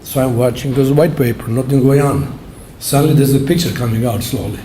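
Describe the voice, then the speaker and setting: A man in his seventies giving an award acceptance speech, telling his story in plain, halting words with simple phrasing. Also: medium pitch, mellow, slight background noise. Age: 70s. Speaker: award honoree. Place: awards banquet hall. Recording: roomy hall echo.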